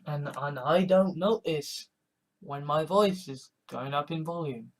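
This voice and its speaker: A man's voice: a little high, unhurried. A man ranting in a blunt, emotional monologue, swearing freely as an online preacher.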